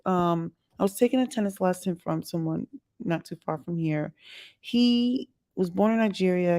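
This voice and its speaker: A woman telling a story on her vlog in a chatty, animated way, quoting the people she met. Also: medium pitch, creaky. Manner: chatty, animated retelling with quoted asides. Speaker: vlogger. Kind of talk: casual storytelling monologue.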